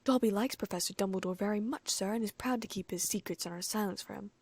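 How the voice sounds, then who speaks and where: A woman's voice: mid-range voice, fast, darkish tone, breathy edge, no room sound. A woman reading an audiobook, voicing an eager, humble male house elf who speaks politely in broken grammar. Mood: earnest.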